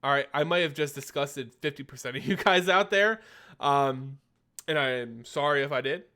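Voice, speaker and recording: A man's voice: medium pitch, normal speed, sharp tone. A young man hosting a casual live stream, chatting and answering viewer questions, a little phlegmy. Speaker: streamer host.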